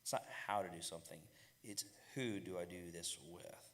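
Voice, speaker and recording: A man's voice: low-pitched, normal speed, a bit bright. A man on a casual panel, giving direct, confident, coach-like advice.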